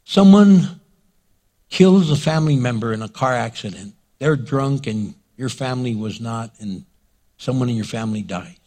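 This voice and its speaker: A man's voice: medium pitch, expressive, normal speed, warm tone. A male pastor preaching a sermon in a dramatic way, acting out scenes and quotes.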